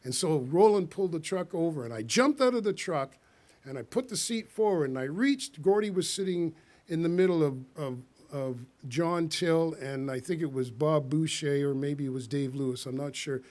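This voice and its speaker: A man's voice: a little high, animated, normal speed, a little mellow. A man telling a rambling personal story to a live audience, laughing often and acting out the quotes.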